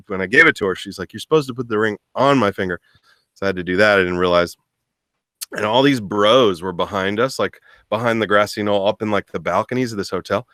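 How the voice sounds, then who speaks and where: A man in his thirties, co-hosting a podcast and telling a funny story in a casual, animated way. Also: lowish voice, dry recording, studio quality. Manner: animated, acts out voices in his stories. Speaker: podcast co-host.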